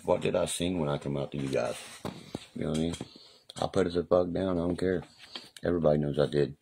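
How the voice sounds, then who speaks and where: A man's voice: a bass voice, steady tone, fast talker, vocal fry, pauses often, mellow, a little hiss or hum. A man rambling profanely and boastfully through stories on a live stream. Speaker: livestreamer.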